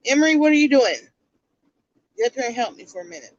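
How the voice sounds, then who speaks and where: A woman's voice: high voice, lively intonation, quick pace, lo-fi sound. Blunt woman on a livestream. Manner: blunt, rhetorical questions to viewers. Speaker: livestream commentary host. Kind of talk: casual livestream commentary.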